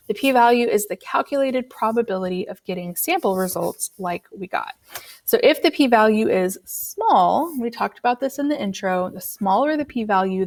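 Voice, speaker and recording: A woman teaching a recorded statistics lesson, explaining step by step in a patient, conversational way with occasional ums. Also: mid-range voice. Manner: patient, explanatory, uses fillers like um.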